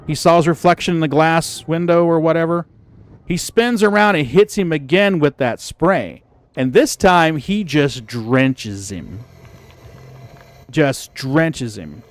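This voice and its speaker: A man casually chatting with his stream viewers, telling a story in an animated, profane way and laughing easily. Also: a little high, clean tone, dry recording. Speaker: gaming livestreamer.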